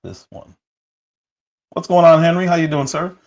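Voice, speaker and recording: A man hosting a political commentary livestream, hoarse from a cold, talking heatedly with rhetorical questions and frequent restarts. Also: on the high side, steady tone, normal speed, rough recording. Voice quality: husky. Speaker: livestream host.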